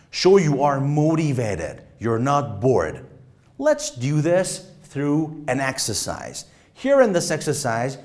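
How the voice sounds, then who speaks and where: A man teaching an exam-prep lesson, speaking emphatically and deliberately and demonstrating rises and falls in his voice. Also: mid-range voice, a little mellow. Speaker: English test-prep teacher. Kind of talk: instructional lesson.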